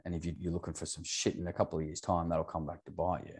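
Man, very low voice, candid podcast guest. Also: completely flat delivery, quick pace, a little mellow, slightly rough. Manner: earnest, open, swears casually.

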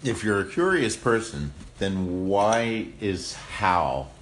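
A man's voice: lowish voice, lively intonation, slow pace, slight background noise. A man in a casual debate, musing aloud and often restarting or repeating words.

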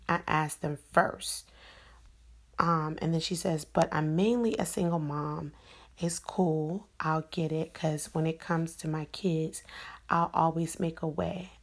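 A woman hosting a podcast, casually retelling a text exchange and reading the messages aloud with her own asides. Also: deep voice. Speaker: podcast host. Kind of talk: casual storytelling commentary.

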